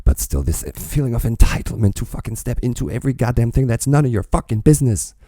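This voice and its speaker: A man hosting a reaction video, talking in a rambling, profane, animated way about a song. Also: medium pitch, fast, no echo, studio quality. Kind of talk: casual reaction commentary.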